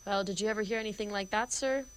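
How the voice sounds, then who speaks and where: A woman's voice: mid-range voice, quick pace, a little hiss or hum, natural voice, rough recording. Woman reading as a prim scolding housekeeper. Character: stern proper middle-aged housekeeper. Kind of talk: amateur play reading.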